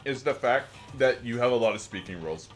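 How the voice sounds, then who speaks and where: A man streaming live, chatting casually in an animated, exasperated way with frequent laughs. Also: medium pitch, brisk, soft background music.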